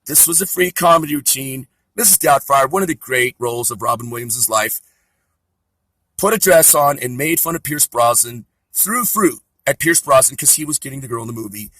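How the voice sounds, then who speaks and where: A man's voice: mid-range voice, expressive, normal speed, fairly bright tone, dry recording, poor audio. A man delivering a profane, sarcastic comedy rant.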